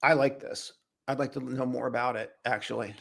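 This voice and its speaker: Guy doing a live trading stream, laid back and chatty, mid-pitch voice. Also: fairly even intonation, a little fast, creaky, fairly bright tone. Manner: loose and chatty, calls viewers brother and buddy. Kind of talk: casual live-stream commentary.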